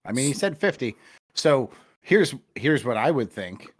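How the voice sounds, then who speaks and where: Over a remote call connection, a podcast co-host rambles about sports in a profane, self-deprecating way. His medium-pitched voice swings widely in pitch, sounds slightly rough, and runs a little slow.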